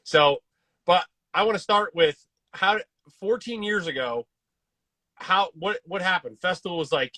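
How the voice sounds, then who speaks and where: Young male host from Kansas, slightly high and bright voice, dry close sound, eager and keen. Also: unhurried, no echo. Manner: eager, enthusiastic. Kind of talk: casual interview chat.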